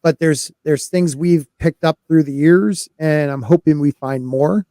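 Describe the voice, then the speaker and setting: A man's voice: on the high side, measured pace, warm tone, dry recording, clean studio sound. A man hosting a casual podcast chat, loose and talkative, greeting live chat viewers as he goes. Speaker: podcast host.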